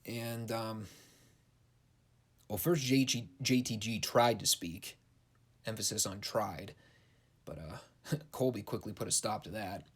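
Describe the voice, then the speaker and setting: A young man giving a casual, blunt and sarcastic recap of wrestling shows, swearing freely. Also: lowish voice. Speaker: wrestling show reviewer.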